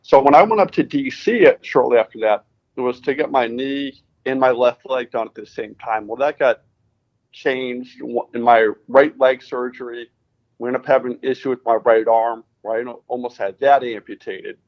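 A man's voice: medium pitch, normal speed, lo-fi sound. A man from Connecticut, a racing driver guest, telling his story in a casual interview and acting out the dialogue. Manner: animated retelling, acts out quoted dialogue.

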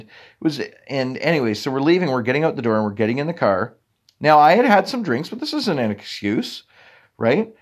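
A man's voice: medium pitch, very animated, fairly quick. A man in his thirties hosting a podcast, telling a long rambling story about himself in a casual, self-deprecating way. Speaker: podcast host. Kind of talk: casual monologue.

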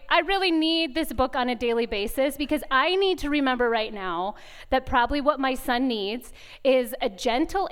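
A woman speaking at a retreat chapel session, telling stories candidly and acting out bits of dialogue in an animated, conversational devotional talk. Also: sits high. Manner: animated storytelling, acts out dialogue; laughs often, candid and confessional.

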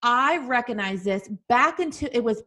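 A woman's voice: on the high side, lively intonation, moderate pace, sharp tone. A woman hosting a conversation, openly reflecting on her own experiences in a candid, storytelling way. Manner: open, self-reflective storytelling.

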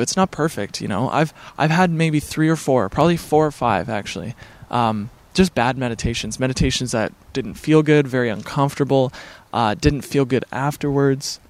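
A man's voice: medium pitch, lively intonation, moderate pace. A man in a casual vlog, talking to camera at home near his backyard, rambling in an earnest, laid-back, spiritual way with many fillers. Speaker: vlogger.

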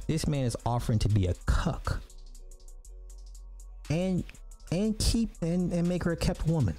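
A man with a mellow, darker voice hosts a social commentary podcast. He reads messages aloud slowly and theatrically, then cuts in with blunt asides. Faint music plays underneath. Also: a little high, big pitch swings. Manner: reads dramatically with mocking asides. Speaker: podcast host.

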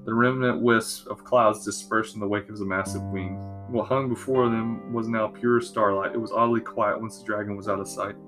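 A man narrating a fantasy story in a steady, even storytelling manner. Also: on the low side, normal speed, few pauses, music in the background. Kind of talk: fantasy audiobook reading.

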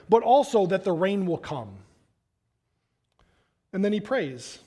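A pastor with a high-pitched voice reads scripture and then preaches in a loose, animated, conversational manner. He talks to the congregation like a friend, with quick casual asides. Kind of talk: sermon.

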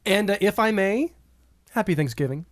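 A podcast co-host in casual banter, riffing with quick jokes. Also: medium pitch, expressive.

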